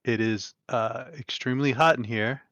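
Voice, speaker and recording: A man narrates a tabletop session as game master, loose and halting with plenty of fillers. His voice sits close and dry, with no room around it. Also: mid-range voice, steady tone, a bit bright, no echo, highs cut off.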